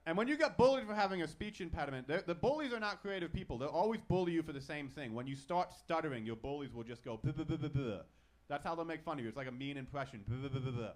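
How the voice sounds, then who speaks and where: A man's voice: on the high side, animated, quick pace. A man in his twenties with a lisp and a stutter, doing a crude, self-deprecating stand-up comedy set on a club stage. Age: 20s. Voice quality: speech impediment with a lisp and stutter.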